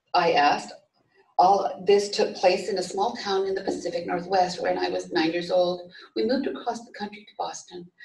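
A woman reading a story aloud at a memorial service, in a steady storytelling manner with small restarts. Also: fairly low pitch, gravelly. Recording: echoey room, voice from far off.

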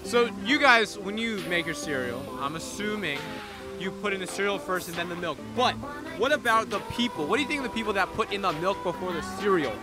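Excitable young male street host. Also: high voice, brisk. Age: young adult. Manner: playful, excitable, shouty bursts. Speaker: student show host. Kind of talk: street interview banter. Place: outdoor nightlife district. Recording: outdoors with music and crowd.

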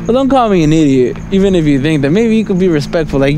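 There's a noisy background as this man, whose voice is on the high side, talks fast and animatedly. He's vlogging outdoors on a city street at night, rambling casually, constantly tossing in "right?" and "you know?" and chuckling as he goes.

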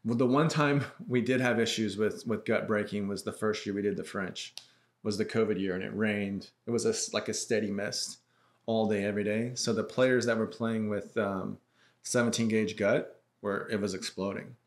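A man with an American accent telling stories from his work as a racket stringer, relaxed and full of fillers. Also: lowish voice, moderate pace. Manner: relaxed, anecdotal, many fillers and restarts. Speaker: tennis racket stringer, guest. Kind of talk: casual podcast storytelling.

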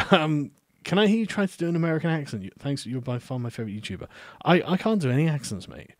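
A man hosting a casual live stream, reading out viewer messages and answering them in a relaxed, hesitant way with frequent ums and easy laughs. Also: fairly high pitch, fast talker, no room sound, clean studio sound.

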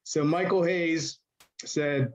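A man's voice: a little high, fairly even intonation, takes it slowly, low-quality recording. Rambling man telling stories. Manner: rambling, lots of fillers. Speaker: interview guest. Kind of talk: casual storytelling interview.

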